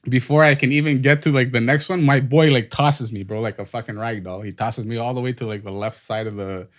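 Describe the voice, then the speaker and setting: A man on a podcast telling a high school story in casual, profane chat. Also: steady tone, brisk. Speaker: podcast host.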